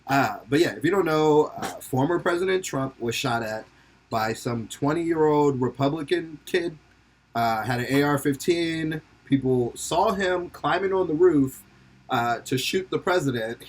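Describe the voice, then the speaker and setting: A man's voice: fairly high pitch, unhurried. A young man hosting a podcast, rambling and joking in casual commentary, laughing often and swearing freely. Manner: slips into silly put-on voices for quotes. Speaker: podcast host.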